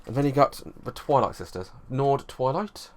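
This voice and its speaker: A man talks through how a card game works in an easygoing review. His voice sits at a middle pitch, and he explains things loosely, backing up and rephrasing as he goes. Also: lively intonation, moderate pace. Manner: loose, rambling explanation with frequent restarts.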